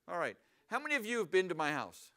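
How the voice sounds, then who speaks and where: Bright, clear-voiced male preacher. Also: high-pitched, fast. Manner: animated, asks the congregation questions. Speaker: pastor. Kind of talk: sermon. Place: church sanctuary.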